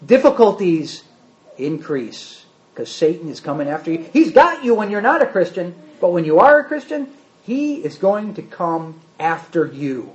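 Emphatic preacher man, lively pitch. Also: normal speed, roomy sound. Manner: emphatic, asks the congregation rhetorical questions. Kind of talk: sermon. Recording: dull lo-fi sermon recording.

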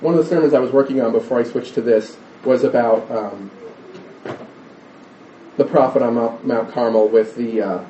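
A man's voice: medium pitch, moderate pace, long pauses, warm tone, echoey room, recorded from a distance, highs cut off, slight background noise. A middle-aged man preaching a conversational sermon, rambling with restarts and stories.

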